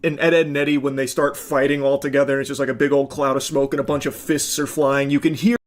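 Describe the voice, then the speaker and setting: A man's voice: mid-range voice, level tone, fast. A young man streaming, casually commenting on a clip, rambling with fillers and casual swearing.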